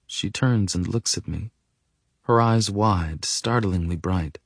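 A man reading first-person audiobook narration in a quiet, subdued, measured way. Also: sits low, dry recording, studio quality.

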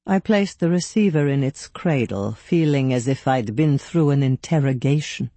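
A woman giving first-person audiobook narration in a measured, even storytelling manner. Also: rumbling low, no echo.

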